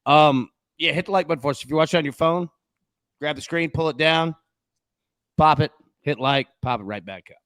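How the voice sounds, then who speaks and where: A man hosting a sports betting show, talking in a casual, animated, joking way. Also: a little high, fairly quick, no room sound.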